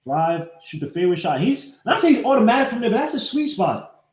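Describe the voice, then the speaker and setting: A man hosting a casual live-streamed sports podcast, breaking down game clips and greeting viewers by name in an animated way. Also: high voice, brisk. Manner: talks while fumbling with his computer. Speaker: podcast host. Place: home setup, live streaming. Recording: echoey room.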